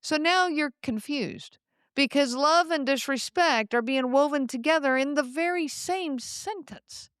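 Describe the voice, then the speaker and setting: Woman doing a solo podcast, calm and thoughtful, dry close sound, no room echo. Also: high-pitched, measured pace. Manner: calm, reflective, speaks directly to the listener. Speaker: podcast host.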